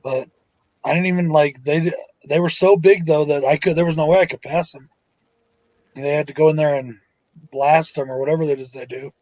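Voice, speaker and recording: A man chats casually with his friends on a live show, swearing freely and wandering through his stories. His voice sits a bit high for a man. The recording is dry and close, with no room sound. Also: fairly even intonation, fairly quick, a little mellow, dry recording, lo-fi sound. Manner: profane, rambling storyteller. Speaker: podcast co-host. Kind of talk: casual chat.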